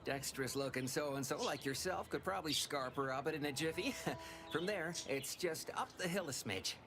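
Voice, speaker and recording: A man's voice: a little high, moderate pace, music in the background, lightly acted. An actor playing a scheming, talkative corporate underling with folksy salesman patter in a video game. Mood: wheedling.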